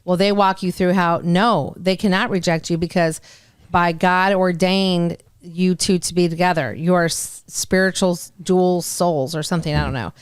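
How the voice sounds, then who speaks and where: A woman's voice: lowish voice, fairly even intonation, moderate pace, smooth, dry recording. A woman co-hosting a podcast, telling stories in casual chat and laughing often. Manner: chatty storyteller, laughs often.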